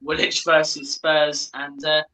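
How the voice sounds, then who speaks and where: A man's voice: fairly high pitch, flat delivery, measured pace, sharp tone, rough recording. A man, a podcast guest, joking through casual livestream banter in a playful, mock-earnest pleading way.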